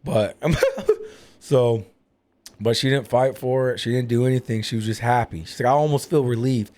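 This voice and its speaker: A man's voice: mid-range voice, normal speed, darkish tone. A man talking openly as a podcast guest, rambling and full of fillers. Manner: rambling, filler-heavy, candid. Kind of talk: casual personal talk.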